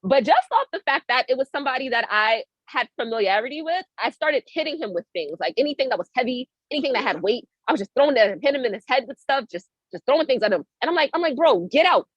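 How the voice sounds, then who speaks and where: A woman with a somewhat high voice tells a story in loose, slangy talk, jumping into the voices of the people in it. The sound is dry and a bit dull, like a lo-fi podcast mic. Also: animated, fast talker, few pauses, breathy edge, dry recording. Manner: acts out quoted voices with big swings in tone; casual, slangy speech. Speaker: podcast guest. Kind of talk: animated storytelling in casual chat.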